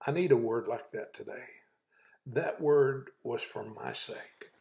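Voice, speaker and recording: A man hosting a daily devotional as a pastor, earnest and folksy, with frequent fillers and slow, emphatic scripture reading. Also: medium pitch, creaky, background noise. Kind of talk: devotional talk.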